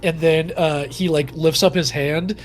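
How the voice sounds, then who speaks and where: A man's voice: a little high, fairly even intonation, a little slow, faint music behind. A man running a tabletop game, narrating in a loose, casual way. He fills his speech with likes and uhs as he describes the action. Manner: casual, filler-heavy. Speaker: game master.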